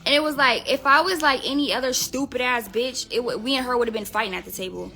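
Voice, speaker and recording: A woman's voice: fairly high pitch, quick pace, bright, forceful tone, soft background music. A woman telling gossip on a live stream in a casual, profane, rambling way, full of fillers. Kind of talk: casual storytelling rant.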